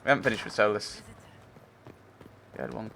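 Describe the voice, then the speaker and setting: A man's voice: lowish voice, sing-song, a little fast, bright, forceful tone, a little hiss or hum. A man playing a video game and chatting to himself in loose, musing commentary. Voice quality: gravelly. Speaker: game player. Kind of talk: casual gameplay commentary.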